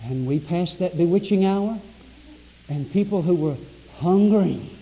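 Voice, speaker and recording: Fiery preacher in an echoing church. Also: male voice, sits high, a little slow. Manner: emphatic, rising to loud exclamations. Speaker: pastor. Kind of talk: sermon. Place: church sanctuary. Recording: dull lo-fi recording with long hall reverb.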